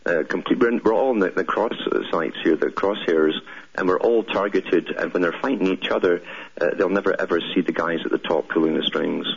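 Over muffled broadcast audio, an older radio talk show host speaks a little fast in a low, gravelly voice. He takes a caller through long explanations and stories on his call-in program.

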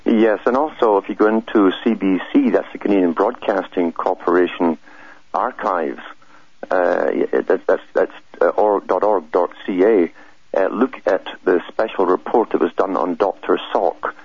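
A man with a very deep, husky voice explains at length as a radio guest, pausing and repeating himself often. The audio is dry and muffled, with a lo-fi broadcast quality. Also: no room sound. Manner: hesitant, repeats words, steady explaining. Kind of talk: conversational radio interview.

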